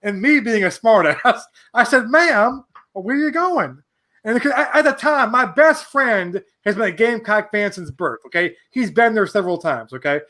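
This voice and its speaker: A man's voice: high voice, moderate pace, few pauses. Rambling man telling a story. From New York. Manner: animated, rambling anecdote with many restarts. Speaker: podcast guest. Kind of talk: casual storytelling.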